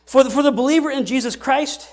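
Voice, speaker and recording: A man's voice: very high voice, fast talker. A male pastor preaching a sermon in a conversational way, asking rhetorical questions and often restarting his sentences.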